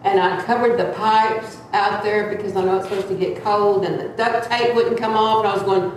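A woman giving a loud, earnest, plain-spoken sermon-style talk in a church. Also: medium pitch, fairly even intonation, normal speed, slight background noise. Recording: echoey room from far off.

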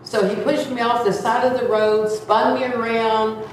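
A woman of seventy tells a lively church testimony and acts out the voices of the people in her story. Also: fairly high pitch, normal speed, slight background noise. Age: 70s. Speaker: church member giving a testimony. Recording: echoey hall, distant mic.

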